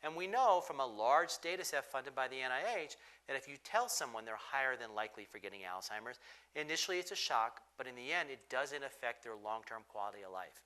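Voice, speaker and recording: A man speaking as a physician on a discussion panel, explaining emphatically and moving quickly from point to point. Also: medium pitch, lively intonation, sharp tone.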